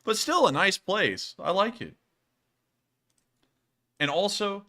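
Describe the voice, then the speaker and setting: A man's voice: high voice, slow. A man hosting a casual livestream, joking and saying "y'all". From Alabama, US. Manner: joking, animated, drawling "y'all". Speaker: host.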